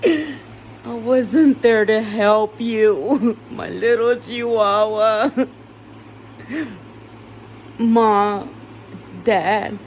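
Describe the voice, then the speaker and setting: A woman's voice: on the high side, very slow, pauses often. A tearful woman in a rambling, emotional personal monologue, swearing now and then and breaking into laughter.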